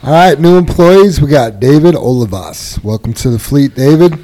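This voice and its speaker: Dude running a company podcast, reads off birthdays and shout outs, easygoing. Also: male voice, a little high, expressive, normal speed. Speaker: podcast host reading announcements. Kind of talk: casual workplace podcast chat.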